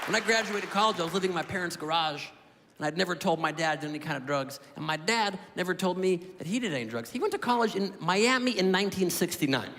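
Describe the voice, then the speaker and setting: A stand-up comedian with a high voice tells a long story in deadpan, punchline-driven bits. His handheld mic picks up a long hall reverb. Lots of crowd sound and noise sit behind him. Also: fast. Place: comedy club stage.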